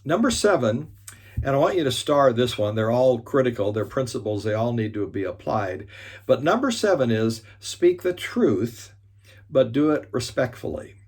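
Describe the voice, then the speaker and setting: Husky man giving a motivational talk. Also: mid-range voice, lively intonation, a little mellow. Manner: earnest, stresses points slowly, restarts often. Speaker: speaker on conflict resolution.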